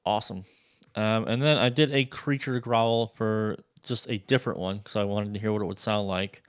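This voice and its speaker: A man demoing a sample library in a casual, excitable walkthrough, loose and swearing freely. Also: fairly low pitch, normal speed, clean tone. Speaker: music producer reviewing a sample library.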